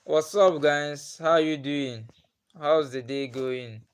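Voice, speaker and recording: Hosting a casual live stream, this young man with a Nigerian accent reads viewers' names aloud and talks with them. He speaks smoothly in a slightly high voice at a slow, easygoing pace, laughing often between questions.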